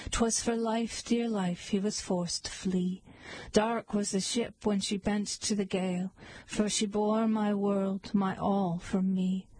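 A woman reading poems aloud in a slow, measured, lilting recitation. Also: mid-range voice, steady tone, darkish tone, slight background noise, poor audio. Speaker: poetry reader.

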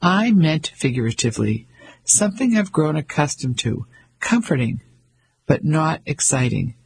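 A pompous 55-year-old banker, patronizing and blustering, as a man acts him out. The voice is very husky and gravelly, with a slightly raised pitch. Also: lively intonation, normal speed, exaggerated voice, low-quality recording.

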